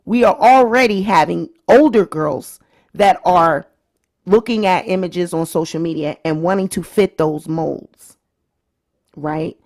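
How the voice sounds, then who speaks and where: A woman's voice: fairly low pitch, unhurried, darkish tone. A woman hosting her own vlog, giving chatty, opinionated commentary straight to her viewers. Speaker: vlog host. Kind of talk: casual celebrity-news commentary.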